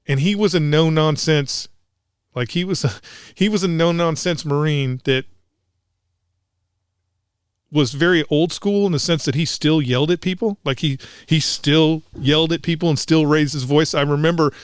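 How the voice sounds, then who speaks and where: A man's voice: a little high, smooth, dry recording, clean studio sound. A man, a former Marine, telling rambling military anecdotes on a podcast with many restarts and acted-out quotes. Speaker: podcast co-host. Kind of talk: casual storytelling chat.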